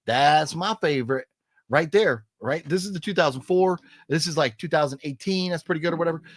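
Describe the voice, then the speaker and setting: A man hosting a casual live chat, reading out chat messages as he goes, animated and rambling, with many fillers and restarts. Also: fairly high pitch, a little fast, dry recording, clean studio sound. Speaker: livestream host reading chat.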